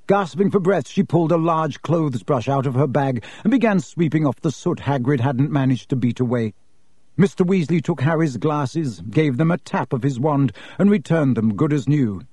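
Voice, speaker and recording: A man reading a storybook aloud in a measured, even narration. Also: medium pitch, no room sound. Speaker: audiobook narrator.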